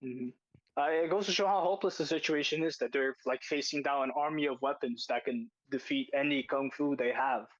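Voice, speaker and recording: A man's voice: mid-range voice, a little fast, dry recording, dull audio. A man hosting a casual podcast chat, arguing emphatically and repeating his points as he reacts to a video. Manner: argumentative, emphatic, repeats phrases. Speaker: podcast host.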